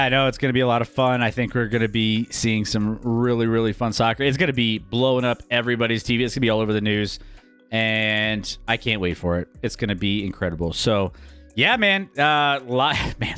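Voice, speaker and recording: A man hosting a casual sports talk show, energetic and rambling as he previews the season. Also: mid-range voice, fairly quick, clean tone, faint music behind. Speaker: sports podcast host.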